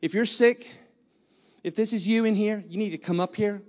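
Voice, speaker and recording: Blunt high-voiced man preaching in a hall. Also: moderate pace. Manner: blunt, self-mocking preaching. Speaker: guest preacher. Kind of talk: sermon. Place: church hall.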